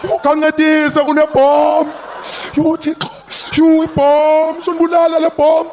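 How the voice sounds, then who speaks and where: A man's voice: very high-pitched, monotone, a little slow, a little hiss or hum, voice pushed up. A man doing a frantic bomb victim. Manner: frantic shouting. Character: panicking man with a bomb strapped on.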